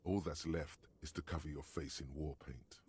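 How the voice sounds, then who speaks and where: An actor narrating a detective's inner mind in a game, in a dramatic, ominous way with a gravelly voice. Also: male voice, a bass voice, fairly even intonation, normal speed, a little mellow, full character voice.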